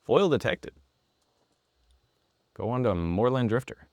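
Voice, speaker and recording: A man showing off an app, voice sitting in the middle of the male range. He sounds excited and teasingly sarcastic. The sound is dry and close, with no room echo. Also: mid-range voice, slow pace. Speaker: app presenter. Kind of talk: product demo. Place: room with lights, indoors.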